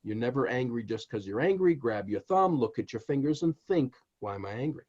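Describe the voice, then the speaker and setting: Male author guest, lively swooping delivery, emphatic storyteller, dull lo-fi sound. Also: mid-range voice, a little fast. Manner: animated, emphatic storyteller who addresses the host directly. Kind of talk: interview storytelling.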